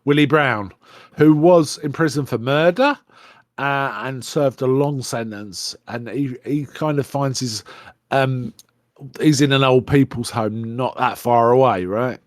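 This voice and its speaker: A man's voice: medium pitch, no echo, studio quality. Rambling man recapping a film. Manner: rambling and halting, many fillers and restarts. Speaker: podcast co-host. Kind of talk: casual film recap chat.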